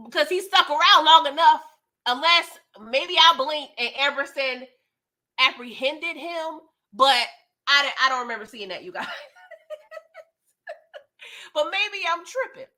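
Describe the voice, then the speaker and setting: A young adult woman hosting a casual live stream, animated and often laughing as she chats with viewers. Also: high-pitched, moderate pace. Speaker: livestream host reviewing a TV episode.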